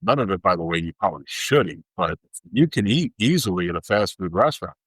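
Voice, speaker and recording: Low-voiced guy on a podcast getting heated about stuff, dry close sound. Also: lively intonation, quick pace, fairly bright tone, no echo, rough recording. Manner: emphatic, worked-up ranting. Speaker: podcast host. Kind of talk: casual chat.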